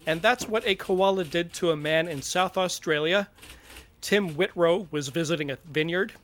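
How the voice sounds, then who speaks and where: A man's voice: fairly high pitch, normal speed, fairly bright tone. A man co-hosting a podcast, upbeat and jokey in casual chat. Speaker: podcast co-host.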